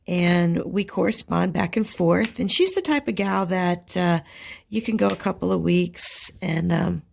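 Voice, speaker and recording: A woman's voice: on the low side, measured pace, gravelly, a little mellow, a little hiss or hum. A woman hosting her crafting channel, chatting casually while she works on a canvas. She sounds congested from a cold and talks in a rambling, chatty way. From Virginia.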